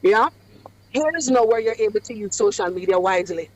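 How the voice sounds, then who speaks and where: A woman, a radio guest coaching on public speaking in a measured, emphatic cadence with deliberate pauses. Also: mid-range voice, darkish tone, rough recording. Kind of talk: radio interview advice. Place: away from the studio.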